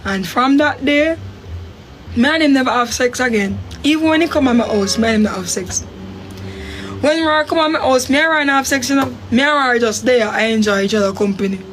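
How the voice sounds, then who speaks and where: High, lively Jamaican woman recounting a story in patois, acting out quotes, slight background noise. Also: a little fast. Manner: animated, acts out her own quotes with sharp pitch jumps.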